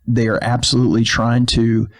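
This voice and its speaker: A man's voice: mid-range voice, completely flat delivery, moderate pace. Rambling podcast co-host man. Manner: rambling storyteller, many fillers and restarts. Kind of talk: casual chat. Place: filmed podcast studio.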